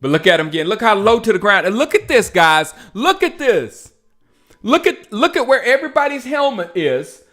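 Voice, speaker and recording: Excitable man laughing through fan commentary. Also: high-pitched, moderate pace, soft background music. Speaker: sports livestream host. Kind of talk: casual livestream commentary.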